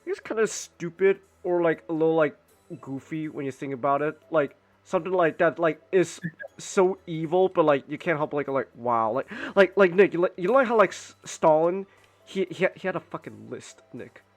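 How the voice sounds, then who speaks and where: A man's voice: fairly high pitch, expressive, normal speed, soft background music. A man streaming casually while drawing, rambling with lots of restarts and swearing.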